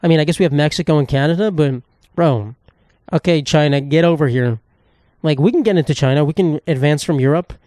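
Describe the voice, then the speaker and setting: A young man in his twenties rants through a solo comedy podcast. He is profane and rambling, and keeps jumping into silly put-on voices. His voice is a little high and sounds close and dry. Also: fairly quick, mellow, no room sound. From United States. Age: 20s. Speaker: podcast host.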